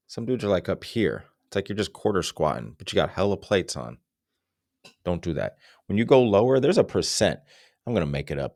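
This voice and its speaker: A man's voice: sits low, darkish tone, no echo, studio quality. A man in his forties giving a casual fitness lesson, laid-back and slangy, rambling with asides. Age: 40s. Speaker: fitness instructor. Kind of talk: casual unscripted fitness talk.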